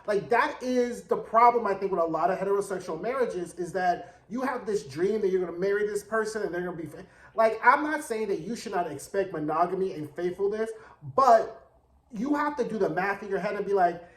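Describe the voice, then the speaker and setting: A man giving a sassy, chatty recap of a TV episode, acting out the characters' lines in quick bursts. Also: sits high, lively intonation, a bit bright, reverberant. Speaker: TV show reviewer. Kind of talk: casual recap commentary.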